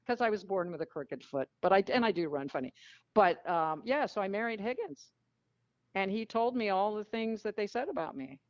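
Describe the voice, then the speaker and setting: A woman tells frank, animated stories as an interview guest, blunt and lively in her delivery. The recording is muffled and lo-fi. It is also very dry, with no room sound. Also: medium pitch, no room sound. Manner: animated, frank storyteller who acts out quotes. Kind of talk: storytelling in a casual interview.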